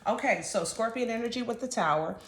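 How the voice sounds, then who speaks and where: A woman's voice: on the high side, lively intonation, brisk. Chatty, slangy woman tarot reader. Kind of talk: casual tarot reading. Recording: roomy echo.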